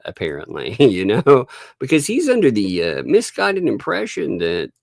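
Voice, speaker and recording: A man hosting a casual livestream, laughing often and mocking people with quick impressions. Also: medium pitch, wildly swooping pitch, gravelly, no room sound, clean studio sound. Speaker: livestream host. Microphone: desk microphone.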